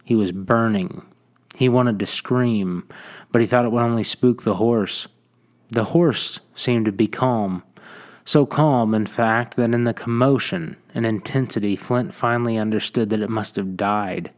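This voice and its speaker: Slow, deliberate male storyteller. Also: on the low side. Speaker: narrator. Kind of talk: audiobook narration of a western.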